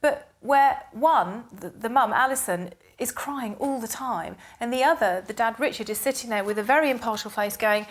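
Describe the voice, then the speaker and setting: A woman's voice: fairly high pitch, moderate pace, few pauses. A woman working as a parenting expert, counselling a couple. She asks probing, direct questions and voices each partner's feelings back to them. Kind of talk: counselling and commentary.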